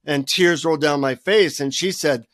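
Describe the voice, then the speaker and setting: An older man with a somewhat high speaking voice, telling a story as a guest author on a radio show. He is animated and self-deprecating, with a comic storyteller's timing. The sound is dry and close. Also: moderate pace, dry recording.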